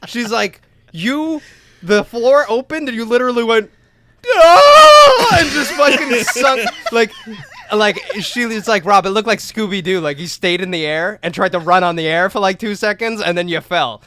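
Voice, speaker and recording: A young man co-hosting a podcast, telling a long story in a loose, profane way, acting out voices and shouting at the big moments. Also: high voice, normal speed, no echo. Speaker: podcast co-host. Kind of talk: casual storytelling chat.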